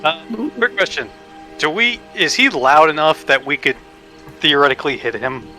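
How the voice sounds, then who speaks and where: Male player, sharp bright tone, blunt, checks the rules. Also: fairly high pitch, very animated, normal speed, faint music behind. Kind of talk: casual chat at a tabletop game.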